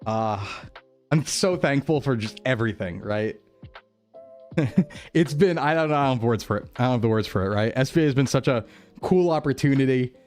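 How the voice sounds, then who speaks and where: A man's voice: mid-range voice, lively intonation, moderate pace, darkish tone, faint music behind. A young man streaming as a VTuber, chatting reflectively and rambling, repeating phrases and laughing often. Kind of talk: reflective casual stream chat.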